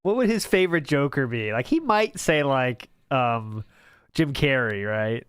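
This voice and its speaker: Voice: mid-range voice, expressive, measured pace, smooth, dry recording, studio quality. A podcast host in casual chat, playful and crude, often trailing off with fillers. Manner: playful, swears a lot, trails off with "like".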